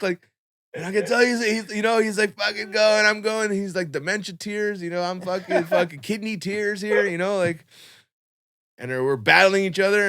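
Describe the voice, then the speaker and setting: A young man telling a long personal story on a podcast in a casual, animated way, full of swearing and fillers. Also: sits high, smooth, no room sound, clean studio sound. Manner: animated, swearing, lots of fillers, acts out quotes.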